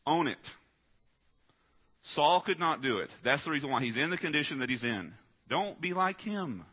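A man's voice: fairly high pitch, animated, moderate pace, slightly rough. A man preaching a sermon, direct and emphatic, often putting questions to his listeners. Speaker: pastor. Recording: dull lo-fi recording.

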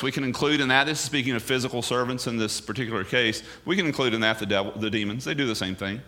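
Man, pastor, sermon, emphatic conversational preaching, bright voice. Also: medium pitch, fast, few pauses.

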